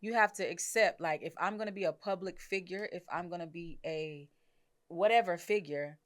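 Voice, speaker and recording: Young woman podcast host, lowish voice, frank and measured, casual chat. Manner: frank, measured, thinking aloud.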